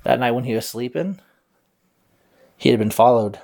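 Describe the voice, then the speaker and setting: A man's voice: medium pitch, moderate pace, creaky, darkish tone. A man improvising a bedtime story aloud, playful, with silly sound effects.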